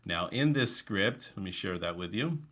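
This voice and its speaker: Energetic man coaching over a video call. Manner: high energy, with deliberate pauses and shifts of pace. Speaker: real estate coach. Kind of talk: live online coaching session.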